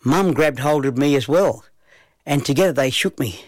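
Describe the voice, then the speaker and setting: A man with an Australian accent narrating a children's story in a relaxed, lively first-person telling. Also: fairly high pitch, moderate pace, no room sound.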